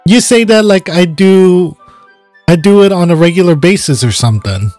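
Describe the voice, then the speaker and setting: A man's voice: high voice, expressive, normal speed, darkish tone, no room sound, soft background music. A man reading the lines of a short-tempered, prickly teen girl from a visual novel, with little change from his own voice. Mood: defensive.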